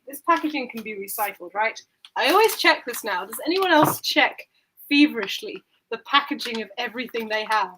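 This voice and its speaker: Baking at home, a woman who streams talks casually, laughing, crying out and cursing at her cake. Her voice sits high with a bright, forceful tone. The low-quality recording carries slight background noise because it was captured on the built-in device mic, not the headset mic or a proper microphone.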